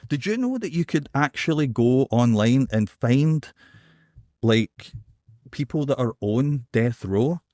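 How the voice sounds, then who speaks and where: A man's voice: medium pitch, takes it slowly, no echo, studio quality. Sweary Scottish man telling a story. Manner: animated storytelling, sweary, lots of "right?" and "man". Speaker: podcast co-host. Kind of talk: casual chat.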